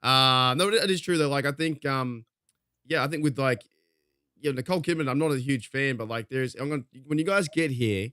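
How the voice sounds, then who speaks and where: A man with an Australian accent co-hosting a podcast, talking casually and trailing off into quieter asides. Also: mid-range voice, brisk, clean tone, no echo, clean studio sound. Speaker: podcast co-host. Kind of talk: casual chat.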